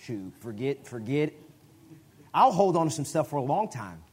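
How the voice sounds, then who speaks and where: A man preaching a sermon in a conversational way, often restarting his phrases and breaking into sudden loud bursts. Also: mid-range voice, very animated, moderate pace, husky. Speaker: guest preacher.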